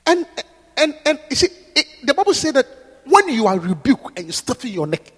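A man preaching a sermon, emphatic, pausing for his interpreter and repeating questions to the congregation. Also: very high voice, very animated, breathy edge. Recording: echoey hall.

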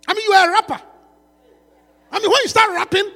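A male preacher delivering a sermon, emphatic and pleading, with frequent shouted lines. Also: very high voice, steady tone, fast talker, pauses often. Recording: long reverb of a large hall.

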